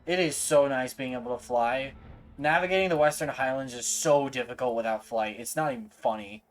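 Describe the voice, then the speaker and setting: Young guy streaming a game, silly and playful, mid-pitched voice, quiet music behind. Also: brisk. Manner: goofy, playful. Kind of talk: casual gaming commentary.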